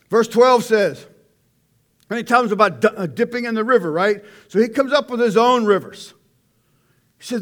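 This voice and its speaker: A man preaching a conversational sermon, swinging between loud outbursts and hushed asides. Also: extremely high pitch, lively intonation, moderate pace, pauses often. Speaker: pastor.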